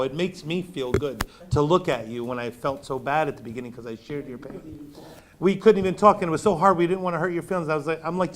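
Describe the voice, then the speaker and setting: A man's voice: medium pitch, slight background noise. A man who co-founded a grief support group tells the group how it started, joking and acting out both sides of a conversation. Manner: warm, joking, acts out both sides of dialogue. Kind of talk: casual storytelling to a group.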